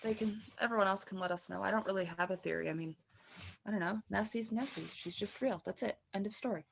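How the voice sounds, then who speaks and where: A woman's voice: medium pitch, steady tone, fast talker, gravelly. A woman co-hosting a comedy podcast, recounting a true crime story in a casual, chatty way with frequent laughs. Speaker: podcast co-host.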